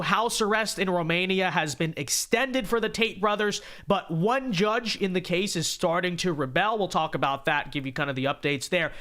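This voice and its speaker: Male live-stream host, a bit stuffed up, high and bright, sarcastic, talks to chat. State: congested.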